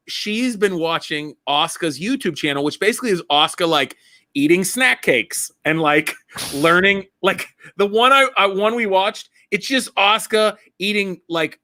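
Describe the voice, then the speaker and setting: Excitable male comedian guest, high and bright, eager storyteller. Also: moderate pace, no room sound, studio quality. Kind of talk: casual chat.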